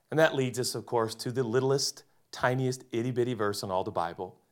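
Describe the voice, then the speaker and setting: A man in his forties preaching a sermon, swinging between loud emphasis and hushed, quiet delivery. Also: mid-range voice, a little fast. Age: 40s. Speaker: pastor.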